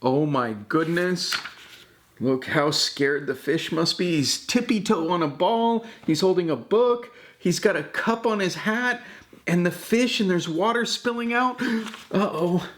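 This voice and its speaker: With a high-pitched, unhurried voice, an older man reads a picture book to a child, warmly exclaiming over the illustrations and pointing them out as a loving grandfather.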